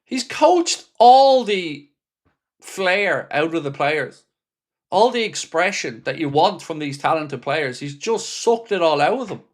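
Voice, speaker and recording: A man's voice: fairly high pitch, expressive, measured pace. A man hosting a live football watchalong for fans, commentating on the match with frustration, swearing freely and reading out viewers' chat messages. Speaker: fan channel host.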